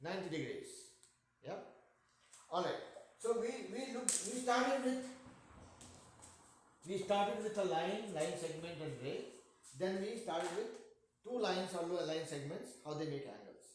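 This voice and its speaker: Brief: male math tutor, Indian accent, high-ish voice, very echoey room. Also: animated, measured pace, pauses often, a little hiss or hum. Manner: patient, jokey, checks in with "yeah?". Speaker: math teacher. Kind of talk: online class teaching.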